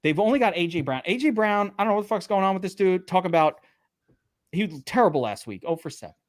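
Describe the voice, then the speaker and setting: Animated New man, high and lively. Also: quick pace, dry recording, clean studio sound. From Brooklyn, New York. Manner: animated, profane storyteller. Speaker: sports betting podcast co-host. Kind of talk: casual chat.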